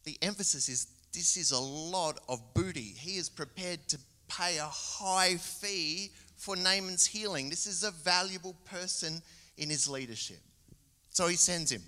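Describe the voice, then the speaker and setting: A middle-aged Australian man delivers a guest sermon, retelling the story in an expressive, storytelling way and voicing the characters' lines. His voice is fairly high and very bright. The church gives his voice a long reverberant tail. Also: a little slow. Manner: expressive storytelling with acted-out quotes. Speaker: guest preacher.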